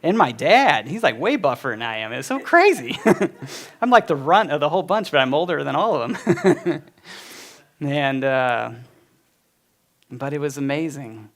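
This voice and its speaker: A man's voice: fairly high pitch, animated, measured pace, pauses often. A man in his forties giving a personal testimony at a church gathering, telling his story in a heartfelt, conversational way with many fillers. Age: 40s. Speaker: speaker at a church community.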